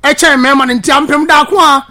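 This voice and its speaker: High bright Ghanaian sports presenter. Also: male voice, normal speed. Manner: lively, mixes local language and English. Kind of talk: news commentary.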